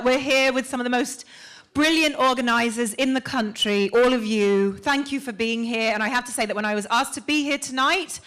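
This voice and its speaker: A woman performer from Queens, New York, speaking to an audience from a stage in an excited, animated way with quick asides. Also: on the high side, low-quality recording. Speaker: actor and performer. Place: stage at a town hall event.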